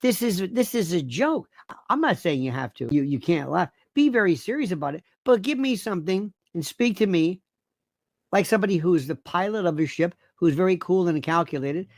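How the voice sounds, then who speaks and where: A woman's voice: fairly low pitch, expressive, a little fast, a little mellow, dry recording. A woman speaking on a casual live panel chat, exasperated and emphatic.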